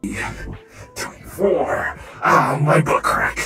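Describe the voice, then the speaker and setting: A man roleplaying in a game voice chat, jumpy and prone to startled shouts. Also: rumbling low, wildly swooping pitch, slow pace, gravelly, echoey room, recorded from a distance, soft background music.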